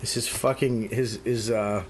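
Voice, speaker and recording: A man's voice: on the low side, fairly even intonation, unhurried, slight background noise. A man hosting a podcast, rambling and swearing freely as he chats with friends, laughing often. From Boston area. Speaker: podcast host. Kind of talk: casual podcast banter.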